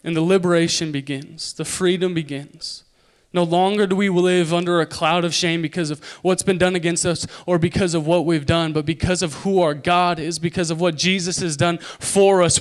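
A young man from Idaho preaching a sermon, telling a story with animated, loud impressions. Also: a little high, normal speed, hardly any pauses.

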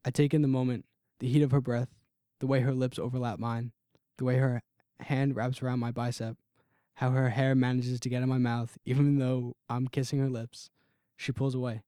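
A young man tells a first-person story with intense, brooding emotion. His voice sits in a middle pitch and is recorded dry and close, with no room around it. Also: little pitch movement, normal speed, warm tone, clean tone, no echo.

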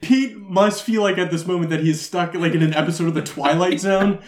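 A man's voice: high voice, a little fast. Man rambling through a movie recap. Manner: rambling, amused storytelling with many fillers. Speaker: podcast co-host. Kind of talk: casual movie recap chat. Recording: roomy echo.

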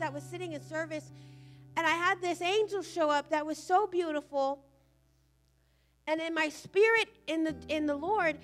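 A woman preaches in a very high, bright voice, earnestly explaining a passage of scripture to her congregation. Faint instrumental music plays softly behind her. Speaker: senior church leader. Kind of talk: sermon.

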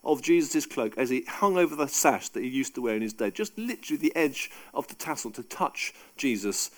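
Animated male preacher. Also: mid-range voice, fairly quick. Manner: animated, conversational, emphatic. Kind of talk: sermon.

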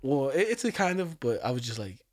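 A man's voice: mid-range voice, big pitch swings, fairly quick. A young man chatting casually, telling loose stories full of slang and laughing often. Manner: laid-back storytelling, heavy slang, laughs often. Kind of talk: casual chat.

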